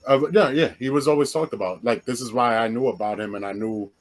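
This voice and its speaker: A man's voice: mid-range voice, fast. A man in a casual podcast chat, easygoing, agreeing and adding background. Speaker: podcast co-host.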